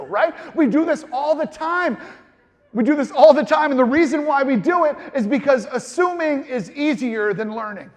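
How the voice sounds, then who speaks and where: A man in his thirties with a notably high voice delivers a comedic motivational keynote. He is playful and self-deprecating, slipping into quick acted voices. The sound carries the long reverb of a large hall. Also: expressive. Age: 30s. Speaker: keynote speaker. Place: large conference hall with audience.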